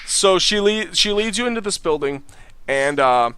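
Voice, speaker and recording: A young man narrating as game master in a tabletop game, halting and full of fillers. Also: high voice, animated, pushed and bright, smooth. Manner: halting, many fillers and restarts.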